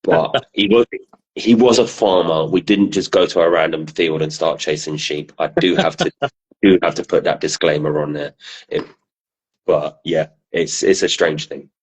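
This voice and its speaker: A man's voice: deep voice, expressive, normal speed, husky, poor audio. A man from southern England chatting casually as a podcast co-host, telling laughing stories and swearing freely. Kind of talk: casual chat.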